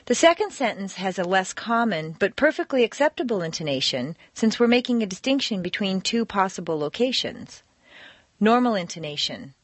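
A woman narrates accent-training lessons in a clear, measured teaching voice. Her pitch moves freely from high to low as she demonstrates stress. The recording is dry and close, with no room sound. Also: no room sound. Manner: clear, measured teacher delivery with lively intonation. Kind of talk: scripted instructional narration.

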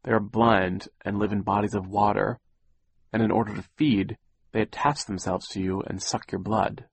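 A man's voice: on the low side, steady tone, normal speed, gravelly, breathy edge, no room sound, rough recording. A man voicing an earnest, bookish boy who explains things eagerly, in an audiobook reading.

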